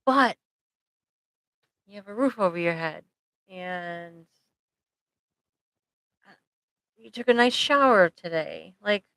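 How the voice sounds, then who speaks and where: A woman therapist talks casually to her viewers on a live stream, tossing in "like" and "right?" as she goes. Her voice is bright and smooth. It is recorded dry and close on a computer microphone. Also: on the low side, expressive, slow, pauses often, no echo, low-quality recording. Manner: chatty, conversational, frequent "like" and "right?" tags; directly addresses viewers.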